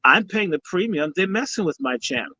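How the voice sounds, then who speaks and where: Over a video call, a man guesting on a live stream, a guest speaker and summit organizer, mixes preachy blessings with profanity in casual talk. His high voice is animated and a little fast. There's background noise, and the stream audio is dull and lo-fi.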